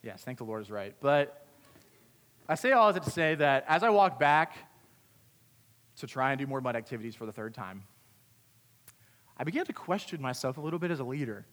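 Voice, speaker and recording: Animated young man telling stories in a hall. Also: mid-range voice, a little fast, pauses often. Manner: animated, self-deprecating storyteller. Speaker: youth camp speaker. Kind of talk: storytelling youth talk. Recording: long hall reverb.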